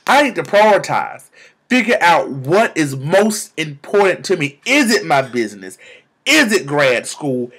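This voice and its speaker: A young man vlogging about faith, exclaiming and repeating words in bursts of excitement, talking into a camera. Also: fairly high pitch, measured pace, husky. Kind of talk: excited spiritual vlog testimony.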